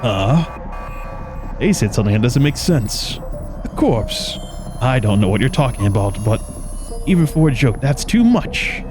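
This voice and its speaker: Man narrating a dark game over music. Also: fairly low pitch, expressive, normal speed, pauses often. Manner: dramatic narration broken by wry asides. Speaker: gaming streamer. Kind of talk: reading game text aloud and reacting.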